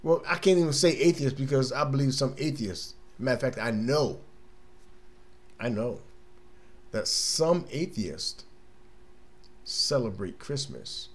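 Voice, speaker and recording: A man's voice: medium pitch, animated, unhurried, long pauses. A man hosting a casual radio talk monologue, laid-back and chatty, often laughing and acting out little scenes from his day. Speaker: radio show host.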